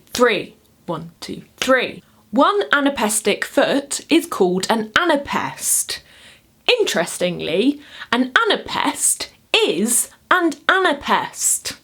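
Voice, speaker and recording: A woman speaking at a slow, unhurried pace as she teaches poetry to camera. Her manner is chatty and upbeat, and she counts out the beats of each rhythm as she goes. She is standing up at home while she records. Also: mid-range voice, fairly bright tone. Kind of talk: casual explainer video.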